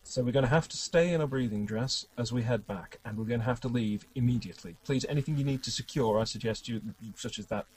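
A man voicing a lord in command of a damaged spacecraft, giving brisk urgent orders. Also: mid-range voice, darkish tone, slightly rough, lightly acted, rough recording.

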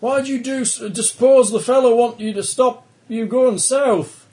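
A man's voice: very high-pitched, fairly even intonation, moderate pace, warm tone, pitched above the performer's own voice. A man voicing a pushy male newspaper reporter in a mock Australian accent, firing off questions at a dock. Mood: excited.

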